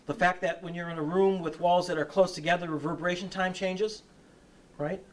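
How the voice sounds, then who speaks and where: A man's voice: sits high, steady tone, a little fast, far from the mic. A man giving a lecture and answering audience questions, often hesitating, restarting and checking with "right?".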